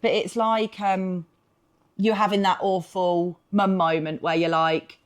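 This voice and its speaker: A woman with a fairly low voice, co-hosting a podcast in relaxed, rambling chat. She drifts through stories with plenty of fillers and drops the occasional swear word in passing. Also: unhurried. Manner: chatty, rambling, swears casually, many fillers. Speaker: podcast co-host. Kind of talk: casual chat.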